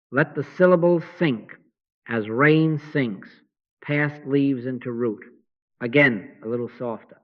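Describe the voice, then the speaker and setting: Calm measured man, slightly muffled. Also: medium pitch. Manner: slow, measured and calm, with frequent pauses. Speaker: spiritual teacher. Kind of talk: meditative spiritual address.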